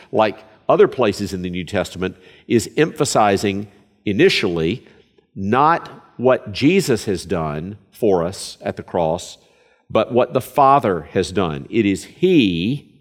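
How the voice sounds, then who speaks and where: A man preaching a sermon, earnest and emphatic, often repeating phrases for stress. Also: lowish voice.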